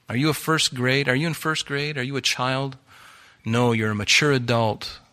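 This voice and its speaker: A male pastor delivers a sermon, exhorting the congregation and doubling back on phrases to drive them home. His voice has a bright, forceful ring at a mid pitch. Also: measured pace, long pauses. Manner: exhorting, repeats phrases for emphasis.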